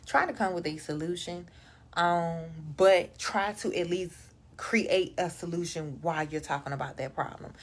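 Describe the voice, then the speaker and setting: A woman coaching on relationships in a casual monologue, direct and emphatic, talking in relaxed vernacular grammar. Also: fairly low pitch. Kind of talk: casual advice monologue to camera.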